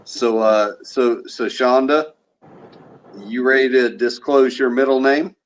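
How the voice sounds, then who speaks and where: A man's voice: mid-range voice, steady tone, takes it slowly. A man co-hosting a casual livestream chat, easygoing and a little hesitant. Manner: easygoing, hesitant, many uhs. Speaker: co-host.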